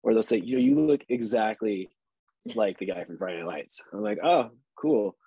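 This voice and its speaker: A man's voice: lowish voice, brisk, dark tone, husky, no echo. A man in his thirties, an actor guest on a podcast, telling laid-back stories and swearing casually.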